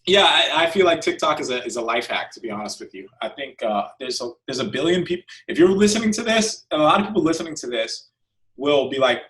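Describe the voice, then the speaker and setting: A man's voice: a little high, expressive, fast talker, fairly bright tone, recorded from a distance. A man hosting a casual business podcast, earnest and often restarting his words. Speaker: podcast host, business owner.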